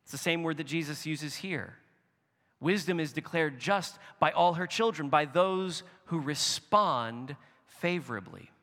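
Bright-voiced preacher in a reverberant hall. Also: male voice, a little high, a little slow. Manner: expressive preaching, rising animated when voicing quotes. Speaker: pastor. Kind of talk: sermon.

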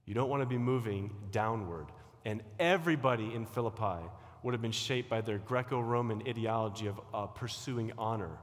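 A middle-aged man delivers a sermon, leaning hard into key phrases and then dropping to quiet asides. His voice carries a long reverb from a church hall. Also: on the low side, moderate pace. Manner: animated, sweeping from loud emphasis to quiet asides. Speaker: preacher.

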